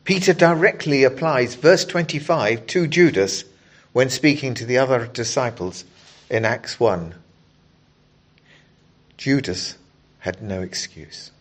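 A male preacher delivering a sermon. He explains scripture in a measured, earnest way, pausing to read whole passages aloud to his congregation. His voice sits at an ordinary middle pitch for a man. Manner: measured, earnest Bible exposition with scripture readings.

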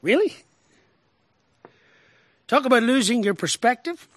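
A man preaching a sermon as pastor, expressive, with rhetorical questions, swinging from emphatic lines to hushed ones. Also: high-pitched, normal speed, no room sound.

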